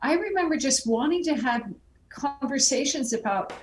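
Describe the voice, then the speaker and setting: A woman's voice: sits high, lively intonation, moderate pace. A woman who is a guest filmmaker, speaking in a heartfelt, reflective way in an interview. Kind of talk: conversational interview. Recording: roomy and distant, faint background noise.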